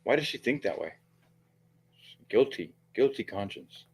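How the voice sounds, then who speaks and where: A man's voice: medium pitch, expressive, measured pace, husky. A man giving heated, profane livestream commentary, rambling with frequent restarts and fillers.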